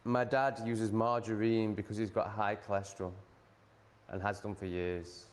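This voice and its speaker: A man's voice: on the low side, flat delivery, moderate pace. A man ranting casually at home in a blunt, sardonic way, swearing freely. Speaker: vlogger.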